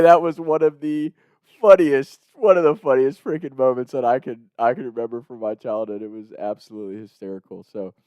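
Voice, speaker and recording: Smooth-voiced man telling a casual story. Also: mid-range voice, a little mellow, dry recording, studio quality. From Ohio and Kentucky, US. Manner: loose, swearing, rambling with "like" fillers.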